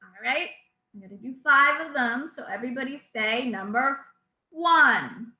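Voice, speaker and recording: A woman speech therapist guides a group through voice exercises in a calm, instructive way and counts each repetition aloud. She speaks slowly, and her voice sits high. The sound is echoey, as if from a bare room. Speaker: speech-language pathologist leading voice exercises.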